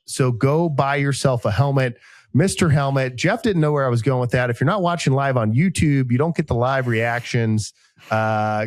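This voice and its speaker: A man in his thirties hosts a casual podcast and drifts between jokes, deadpan asides and sponsor reads. His pitch sits in the middle of the male range. The sound is dry and close, with no room echo. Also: moderate pace. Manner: joking, rambling, deadpan asides. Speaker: podcast host.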